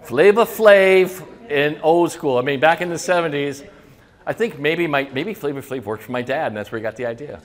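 A man's voice: fairly high pitch, moderate pace. A middle-aged man, a restaurant consultant, telling kitchen stories in a loose, swearing way and acting out the voices of cooks and chefs. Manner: storytelling, acts out kitchen voices, swears casually. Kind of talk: casual talk to an audience.

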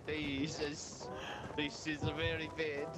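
A man's voice: on the high side, completely flat delivery, takes it slowly, heavy background noise. A man playing as a crewmate in an online game, joking and cursing in playful pirate talk. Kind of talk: casual gaming chat. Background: loud game music.

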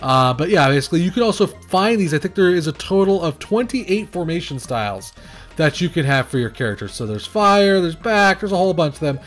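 A man's voice: on the high side, big pitch swings, brisk, fairly bright tone, faint music behind. A man giving casual commentary over a video game he is playing, rambling and hesitant with many fillers, and breaking into nervous exclamations when the action gets hectic. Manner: nervous exclamations under pressure. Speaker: game reviewer.

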